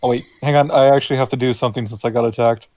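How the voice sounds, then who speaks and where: A man in a tabletop game session, speaking in a dark, mellow voice. His remarks are dry and wry, and the sound is close and dead. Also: medium pitch, steady tone, rapid-fire, no room sound. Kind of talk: casual game chat.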